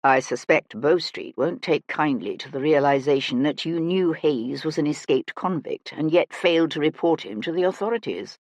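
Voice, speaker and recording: A woman voicing a calm, composed aristocratic male detective in a measured, lowered voice. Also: no echo.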